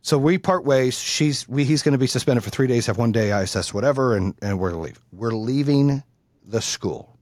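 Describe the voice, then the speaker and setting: A man's voice: mid-range voice, expressive, fairly quick, darkish tone, no echo. A man telling a heated personal story in casual chat, blunt and profane.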